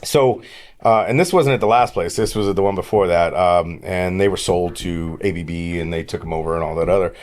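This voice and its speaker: Middle-aged male podcast guest, low-ish voice, animated storyteller who voices quoted dialogue. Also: brisk. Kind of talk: casual storytelling.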